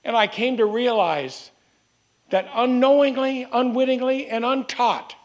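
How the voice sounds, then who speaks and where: A man preaching a sermon in an earnest way, repeating phrases and slowing down to stress key words. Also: very high-pitched.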